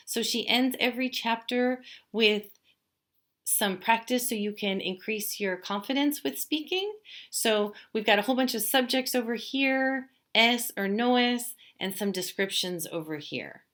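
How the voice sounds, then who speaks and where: A woman teaching a language lesson, explaining patiently step by step and slowly drawing out example words. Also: on the high side, fairly bright tone. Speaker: Spanish teacher.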